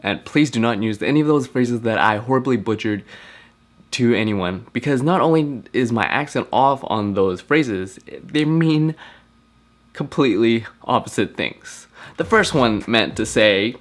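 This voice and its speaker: A young man vlogging to camera, joking and slangy, with a deadpan prank delivery. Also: mid-range voice, unhurried. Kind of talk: joking vlog talk to camera.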